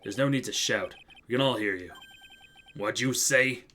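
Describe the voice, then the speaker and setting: A man voicing a cool, aloof male prosecutor in a video game, speaking low, slow and quiet. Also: slight background noise, natural voice. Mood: smug.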